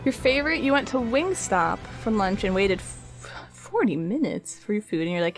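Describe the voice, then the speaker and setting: A woman's voice: medium pitch, lively intonation, normal speed, few pauses, soft background music. A woman streaming her art, chatting casually and a bit sassily with her viewers while she paints. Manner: chatty, sassy, talks to chat.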